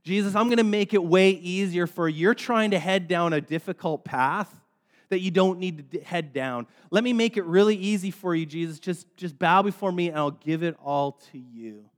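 A man's voice: high-pitched, moderate pace, lightly acted. A man preaching and voicing the devil, who coaxes with easy promises. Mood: coaxing. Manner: coaxing, persuasive, cajoling. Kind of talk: sermon retelling.

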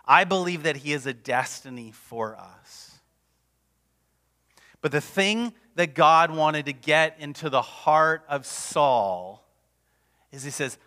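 A man preaching a sermon as pastor, passionate and emphatic, sometimes dropping to a hush. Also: on the high side, lively intonation, slow. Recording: long reverb of a large hall.

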